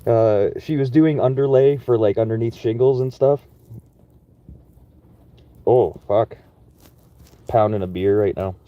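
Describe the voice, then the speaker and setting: A man's voice: medium pitch, measured pace, long pauses, no room sound. A young man from Manitoba, Canada, rambling in a laid-back, profane, chatty way about his construction job. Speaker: construction worker vlogging. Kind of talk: casual rambling monologue. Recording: dull lo-fi sound.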